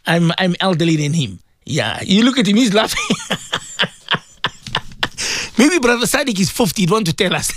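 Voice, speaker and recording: A middle-aged man from South Africa presenting a radio show, chatting warmly with listeners and reading out their messages with frequent laughs. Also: high-pitched, very animated, a little slow, pauses often. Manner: chatty, affectionate, laughs often.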